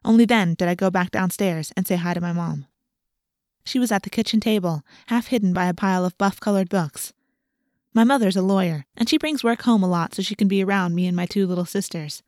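A woman's voice: mid-range voice, brisk, darkish tone, no echo, studio quality. A woman narrating a first-person novel in an earnest, tense storytelling manner. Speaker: audiobook narrator.

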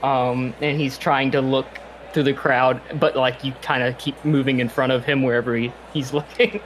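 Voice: mid-range voice, level tone, normal speed, slight background noise. A laid-back game master narrating a tabletop role-playing game, with lots of fillers and easy laughter.

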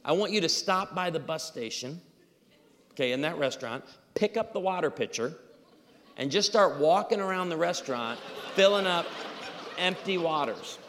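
A male pastor delivering a funny, story-driven sermon in a church hall, with a somewhat high voice. He acts out the people in his stories with lively energy. The sound carries the long reverb of a large room. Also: normal speed, a little hiss or hum. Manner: animated, acts out dialogue in stories. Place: church auditorium.

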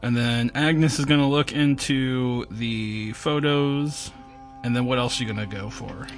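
A man running a tabletop game as game master, rambling and filling pauses with ums. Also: medium pitch, faint music behind. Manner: rambling, many fillers.

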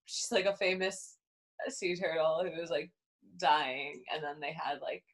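A woman's voice: deep voice, measured pace. Giggly woman podcast co-host. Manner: giggly, animated. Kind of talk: casual chat recapping a TV episode.

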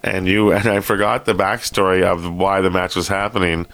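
A man's voice: deep voice, little pitch movement, moderate pace, a bit bright, no echo. A man hosting a podcast, chatting casually and rambling with many fillers and restarts. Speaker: podcast host. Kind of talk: casual chat.

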